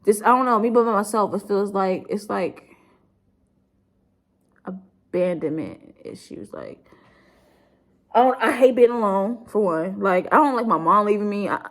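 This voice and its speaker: This young YouTuber is grieving as she records an emotional storytime vlog for her viewers, sounding subdued. Her medium-pitched voice is animated and measured, broken by long pauses. She rambles bluntly, swears, and says "like" constantly.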